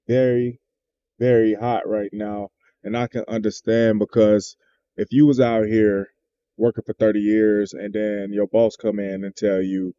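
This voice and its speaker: Laid-back male host, reacting to a clip in a mellow voice, recorded on dull, lo-fi audio. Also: mid-range voice, smooth, no echo. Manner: laid-back, drawls, says "man" a lot. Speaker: trucking channel host. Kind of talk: reaction commentary. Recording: dull lo-fi sound.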